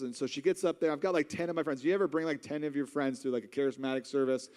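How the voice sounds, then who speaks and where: A man in his thirties preaches at a conference, spinning a funny, self-deprecating story. His voice sits a little high and rings smooth and resonant. The sound carries the long reverb of a large church hall. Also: rapid-fire, hardly any pauses, a little mellow. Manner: humorous, self-mocking storyteller. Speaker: conference speaker. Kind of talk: storytelling sermon.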